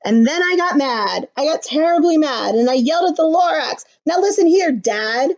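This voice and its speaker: A boastful, greedy factory owner, read aloud by a woman brags in bouncy rhyming lines with a high voice. The sound is slightly muffled. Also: expressive, moderate pace, darkish tone. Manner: boastful, rhythmic rhyming delivery.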